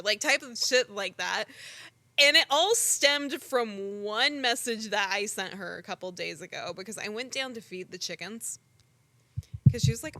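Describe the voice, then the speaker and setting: A young woman co-hosting a podcast, telling stories in an animated, casual way full of "like" and the odd swear word. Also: mid-range voice, moderate pace. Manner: animated storytelling, frequent "like" and swearing. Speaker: podcast co-host. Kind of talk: casual chat.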